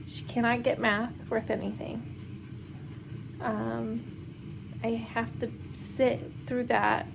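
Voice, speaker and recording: A homeschooling mom vlogger in her thirties chats casually while doing laundry at home, rambling with lots of fillers and nervous laughter. Her voice sits on the high side with vocal fry, and there's background noise.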